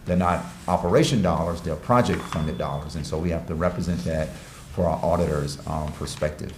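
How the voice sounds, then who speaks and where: A man, the city manager, presenting a budget at a city meeting in a measured, hesitant way with many fillers. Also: very deep voice, a little mellow. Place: city commission chamber. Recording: echoey council chamber, faint noise.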